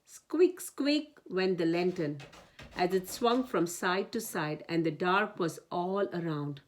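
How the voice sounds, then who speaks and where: A woman storyteller reads a children's picture book aloud, gentle and expressive. Her voice is fairly low and she takes a very slow pace.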